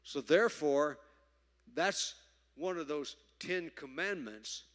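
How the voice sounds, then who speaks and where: Slow, emphatic male preacher in a reverberant hall. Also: a little high. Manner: emphatic, swings between loud stresses and quiet asides. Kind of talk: sermon.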